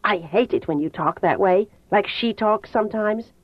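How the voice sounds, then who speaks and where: A woman reading an audiobook voices an earnest, protective teenage boy in a lowered, hushed voice. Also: moderate pace, no room sound, close to an everyday voice. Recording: tinny phone-like dry sound.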